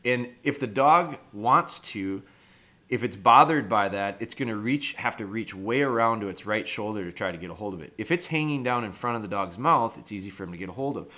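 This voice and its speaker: A man's voice: fairly low pitch, a bit bright. A man hosting a podcast, explaining dog training step by step in a plain-spoken, practical way. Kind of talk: instructional podcast talk.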